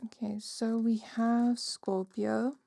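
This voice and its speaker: Soft-spoken woman reading tarot cards. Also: a little high, level tone, takes it slowly, gravelly. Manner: soft, musing, many "like" and "um" fillers. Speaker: tarot reader. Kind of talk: casual pick-a-card tarot reading.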